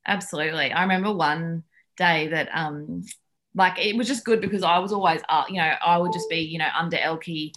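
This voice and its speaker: Chatty woman, lowish voice. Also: brisk, background noise. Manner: chatty, lively storytelling with many fillers. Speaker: podcast guest, nutritionist. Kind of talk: casual chat.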